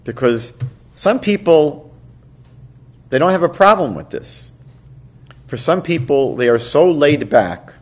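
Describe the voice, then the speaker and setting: A man, a rabbi, teaching a class; he tells a story and acts out its people in raised, excited voices, with a soft laugh now and then. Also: medium pitch, takes it slowly. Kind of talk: storytelling lecture.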